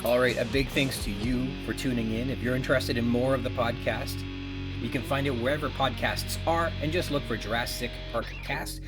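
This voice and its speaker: A man's voice: medium pitch, steady tone, normal speed, music in the background. A man hosting a podcast, reading passages from a novel aloud and commenting on its writing. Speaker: podcast host. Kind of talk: literary analysis of a novel.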